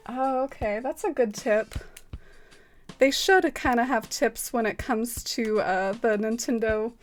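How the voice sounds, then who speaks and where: High-voiced young woman cooing at her cat. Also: unhurried. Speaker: streamer. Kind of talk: casual livestream chat. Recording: music playing behind.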